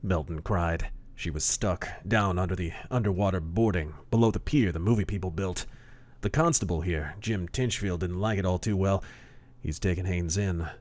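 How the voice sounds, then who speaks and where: A man narrating a hard-boiled pulp story in the first person, gruff and deadpan. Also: sits low, moderate pace, dry recording. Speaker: audiobook narrator.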